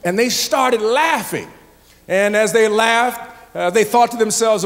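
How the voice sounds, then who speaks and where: High-voiced preacher in an echoing church. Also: male voice, unhurried. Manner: storytelling with many "uh" fillers, rising to shouted preaching. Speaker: pastor. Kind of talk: sermon. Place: large church sanctuary. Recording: long church reverb, faint music.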